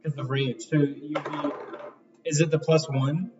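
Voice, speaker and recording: A man's voice: fairly high pitch, flat delivery, unhurried, music in the background. Eager man at a tabletop game. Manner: eager, keeps checking rules. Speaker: player. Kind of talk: casual tabletop chat. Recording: distant, dull.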